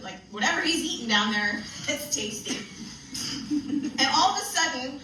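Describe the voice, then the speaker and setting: Brief: bright, forceful woman comic, playful and animated; distant mic in a reverberant hall. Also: high-pitched. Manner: playful and animated, laughing through her story. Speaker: spiritual comedian and speaker. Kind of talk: live comedic storytelling talk. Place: live benefit event hall. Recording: echoey hall, mic from a distance, faint noise.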